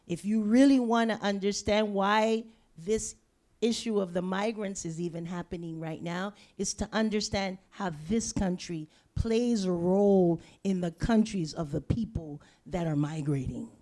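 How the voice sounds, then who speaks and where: A woman's voice: medium pitch, unhurried, warm tone. A woman from Panama speaking as a panelist in an emphatic, passionate way, repeating and restarting phrases.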